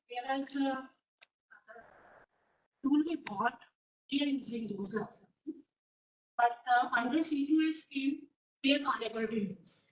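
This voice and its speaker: A woman in the audience, raising a question from the floor in a hesitant, halting way. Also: high-pitched, slight background noise, poor audio.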